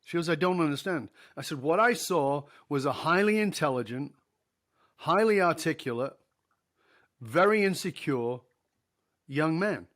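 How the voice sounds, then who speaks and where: A man's voice: fairly high pitch, animated, a little slow, long pauses, fairly bright tone. A middle-aged man, a podcast guest, telling a story in an interview, acting out the dialogue and laughing easily.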